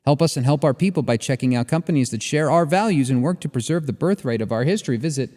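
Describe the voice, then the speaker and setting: A man co-hosting a podcast, reading sponsor spots and joking in a relaxed way with fillers. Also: mid-range voice, quick pace, long reverb tail. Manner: lively, joking, drawls ad reads with fillers. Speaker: podcast co-host. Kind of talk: casual chat and read ads.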